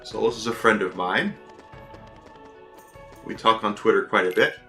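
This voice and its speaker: A man's voice: lowish voice, moderate pace, sharp tone, faint music behind. A man doing casual let's play commentary, chatting with viewers as he plays. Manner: chatty, reads and answers chat. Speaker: gaming video host.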